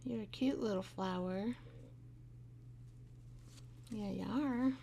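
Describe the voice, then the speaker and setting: A woman's voice: medium pitch, slow, vocal fry, dark tone, slight background noise. A middle-aged woman hosting a live craft show, chatting and rambling as she works, laughing often and talking to her craft pieces. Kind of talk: live craft tutorial chat.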